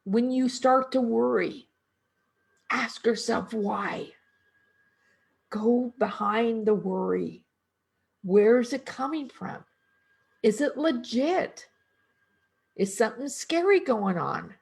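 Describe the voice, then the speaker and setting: Her voice is a little high, creaky and a little mellow with a breathy edge. A middle-aged energy worker, she speaks slowly and thoughtfully in a casual spiritual talk, putting rhetorical questions to her audience conversationally.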